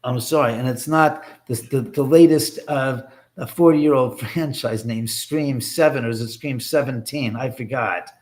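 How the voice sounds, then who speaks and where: A man's voice: medium pitch, unhurried, hardly any pauses, a little mellow. Rambling, sarcastic man hosting a livestream. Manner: rambling and sarcastic, swears freely; reads out and answers viewer comments. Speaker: livestream host. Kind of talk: casual livestream chat. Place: his home.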